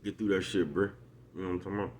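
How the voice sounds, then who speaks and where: A man's voice: low voice, fairly even intonation, rapid-fire, slight background noise. A man vlogging a casual motivational monologue, rambling and repetitive in street slang. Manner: rambling, repetitive, street slang, keeps asking "you know what I'm talking about".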